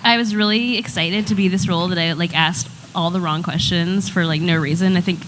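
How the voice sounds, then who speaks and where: A woman voice actor chatting casually on a convention panel, talking quickly with many fillers. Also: fairly low pitch, fairly even intonation. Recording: noisy convention hall mic.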